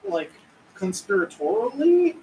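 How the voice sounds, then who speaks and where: A man's voice: sits high, big pitch swings, unhurried, darkish tone, recorded from a distance, slight background noise, rough recording. A man narrating as game master, rambling and searching for words.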